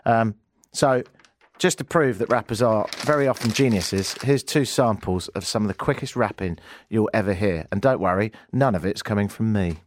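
A man's voice: lowish voice, moderate pace, slight background noise. A man hosting a live radio show, chatting casually in a jokey, teasing way and laughing often. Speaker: radio host. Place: radio studio. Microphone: studio microphone.

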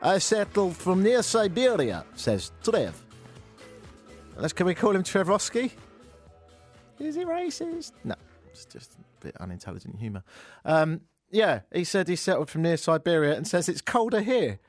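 A man's voice: high voice, huge pitch swings, moderate pace, faint music behind. A man hosting a talk radio show, riffing through the news in a sarcastic, ranting comic monologue. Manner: sarcastic ranting, swings from mutters to loud exclamations. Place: radio studio.

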